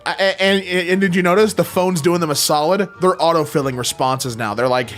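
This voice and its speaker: A man's voice: high voice, expressive, moderate pace, hardly any pauses, a bit bright, soft background music. A young man reading funny posts aloud and reacting with jokey, mock-confused commentary.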